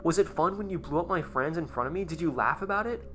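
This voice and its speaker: A man voicing a murderous, giggling female tank schoolgirl, pitched far up into a shrill, unhinged squeal. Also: expressive, fast talker, a bit bright, faint music behind. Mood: taunting.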